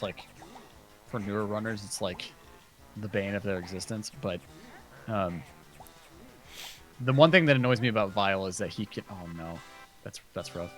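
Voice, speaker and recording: A man commentating a video game race in an easy, chatty way, quick with his words and full of fillers. His voice is fairly low but bright and forward, with faint music underneath. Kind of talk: casual commentary.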